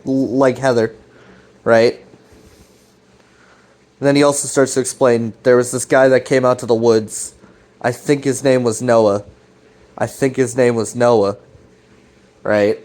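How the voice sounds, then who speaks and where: A man's voice: mid-range voice, darkish tone. A man giving a casual, rambling plot recap of a web series, loose and profane. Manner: loose, profane, full of fillers and restarts.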